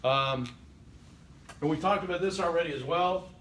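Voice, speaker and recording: A man with a drawl gives a lively classroom lecture, joking with his students and checking in with them. His voice sits a little high. A faint hum of noise runs under it in the classroom. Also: moderate pace. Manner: animated, joking, keeps checking in with "okay?". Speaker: college instructor.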